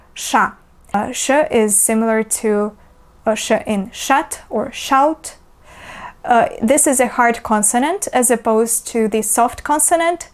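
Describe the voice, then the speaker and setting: Slow-speaking woman. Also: fairly high pitch, smooth. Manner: slow, patient explanations with frequent "uh" fillers and repeated example sounds. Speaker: language teacher. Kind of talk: pronunciation lesson.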